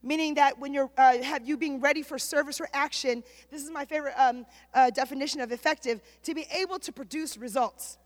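A woman pastor preaching a sermon in a church, building to shouted, repeated declarations. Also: high voice, brisk, few pauses. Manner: preaching with rising shouts and repetition. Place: church sanctuary. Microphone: handheld microphone. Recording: long hall reverb.

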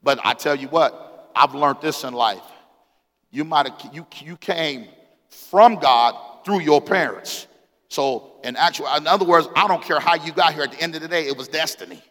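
A man in his forties preaching a sermon as pastor, calling out to the congregation, swinging between loud exclamations and quiet scripture reading. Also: a little high, normal speed. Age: 40s. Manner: call-and-response preaching, rises to shouts, reads scripture aloud. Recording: long hall reverb.

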